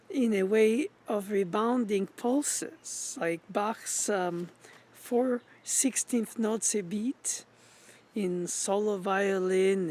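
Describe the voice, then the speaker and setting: Slow, thoughtful male music teacher. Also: sits high, darkish tone. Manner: sings out rhythms and note names to illustrate; thoughtful, pausing, searching for words. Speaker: piano teacher. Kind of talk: musical lecture.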